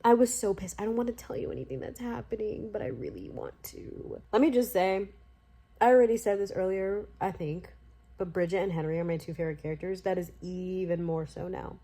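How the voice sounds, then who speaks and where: A woman's voice: mid-range voice, expressive, normal speed, darkish tone. A woman vlogging casually about a book she is reading, gushing and swearing freely as she talks. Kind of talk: casual chat.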